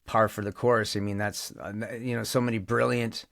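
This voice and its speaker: A man's voice: fairly low pitch, little pitch movement, moderate pace, gravelly, fairly bright tone, no room sound, studio quality. A man with a Canadian accent, a voice actor chatting casually as an interview guest, rambling with many restarts.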